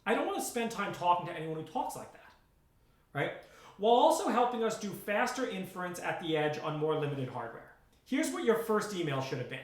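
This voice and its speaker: A man's voice: sits high, sing-song, brisk, reverberant. Blunt, exasperated man live-streaming. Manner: blunt, exasperated, rambling with restarts. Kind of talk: casual live-stream talk.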